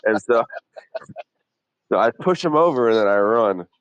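A man with a deep voice, rambling through joking banter with frequent restarts. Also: animated, a little slow, clear, resonant tone, dull audio. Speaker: podcast co-host. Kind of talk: casual comedic chat.

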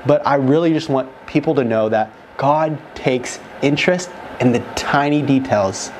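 A young man telling an emotional testimony in a group conversation, excited and rushed, full of "like", into a handheld mic. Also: medium pitch, a little hiss or hum. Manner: excited, rushed, fills speech with "like". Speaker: guest telling his near-death story. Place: room with other men holding mics.

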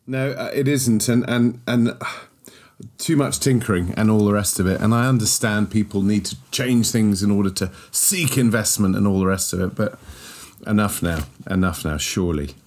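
A man joining a sports podcast as a guest, speaking in a measured, hesitant way with many ums. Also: on the low side, a little mellow. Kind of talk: casual sports chat.

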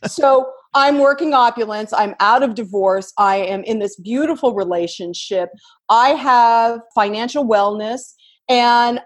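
A woman in her fifties talks as a guest in a casual podcast chat, telling stories with lots of animation. Her voice sits at an ordinary middle pitch, and she giggles her way through the story. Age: 50s.

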